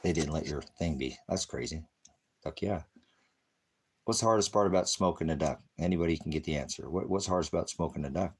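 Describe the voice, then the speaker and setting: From his high desert home, a man hosts a rambling livestream, cracking jokes, swearing freely and pushing viewers to take action. His voice rumbles low with a breathy edge and moves a little fast.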